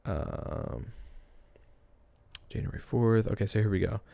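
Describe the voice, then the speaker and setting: A man's voice: fairly low pitch, takes it slowly, vocal fry, warm tone. A young man hosting a casual true-crime livestream, thinking aloud and rambling with restarts while reading chat. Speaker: livestream host.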